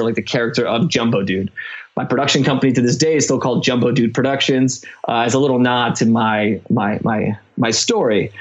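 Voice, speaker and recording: A man's voice: mid-range voice, highs cut off. A young man from Chicago, a podcast guest telling a story in a casual, rambling way with lots of fillers.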